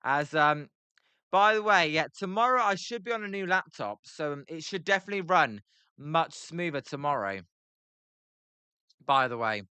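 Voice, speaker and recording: A British man calls a baseball game live from his computer, reading viewer chat between pitches. His voice is bright and crisp, sitting slightly high, with a loose, scattered delivery full of filler ums and self-deprecating jokes. The sound is dry and close. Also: animated, normal speed, pauses often, dry recording. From Britain. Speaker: live play-by-play streamer.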